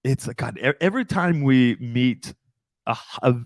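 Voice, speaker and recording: Male podcast host and dating coach, lively intonation, blunt and profane. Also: medium pitch, normal speed, no room sound. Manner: profane, animated, frequent fillers. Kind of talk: casual podcast chat.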